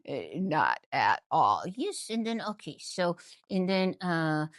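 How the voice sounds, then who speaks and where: A woman hosting a casual reality-TV gossip recap, chatty and animated, often trailing off and restarting her thoughts. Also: low-pitched, takes it slowly, dry recording. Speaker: ventriloquist host.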